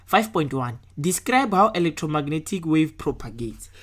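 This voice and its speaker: A woman's voice: sits low, animated, normal speed. A woman, a science tutor talking step by step through worked test answers and checking in often with her listeners.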